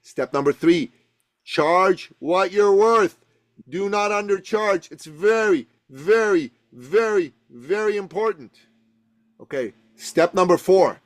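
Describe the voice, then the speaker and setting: A man, a business coach on a podcast, telling stories and giving advice in an emphatic way, repeating words for stress. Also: sits high. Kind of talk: energetic storytelling advice.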